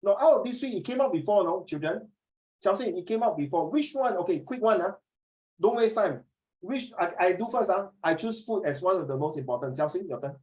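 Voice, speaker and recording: A middle-aged man with a Singaporean English accent, teaching a class in a joking, animated way and putting questions to his students. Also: sits high, brisk, rough recording.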